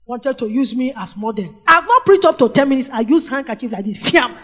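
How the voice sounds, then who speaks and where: A middle-aged Nigerian woman preaching a sermon, telling stories with animated energy and calling out questions to the congregation. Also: fairly high pitch, fairly quick, few pauses. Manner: animated storytelling with call-and-response questions to the congregation.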